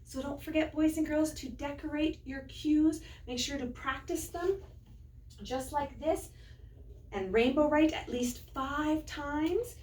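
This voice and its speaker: A woman teacher reading a picture book aloud to young children in a slow, sing-song storytelling way, then showing how to write a letter. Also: high voice, a little mellow. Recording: roomy, mic at a distance.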